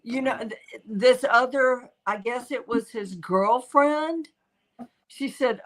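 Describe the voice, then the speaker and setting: An older woman, a psychic medium hosting a casual livestream, telling stories in an animated way. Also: on the high side, slow pace, rough recording. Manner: animated storytelling, quotes spirits in voices. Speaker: psychic medium, show host.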